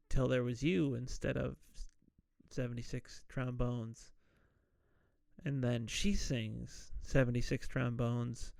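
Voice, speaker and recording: Slow, gravelly man recapping a movie. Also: medium pitch, dry recording, clean studio sound. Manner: animated, mimics characters' voices while retelling scenes. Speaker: podcast host. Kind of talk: casual movie recap with acted-out quotes.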